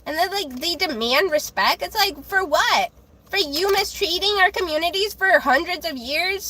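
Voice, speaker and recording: A woman livestreaming, ranting angrily to her chat, with halting restarts and repeated words. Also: very high-pitched, animated, bright, forceful tone, slight background noise. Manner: angry, heated ranting with swearing.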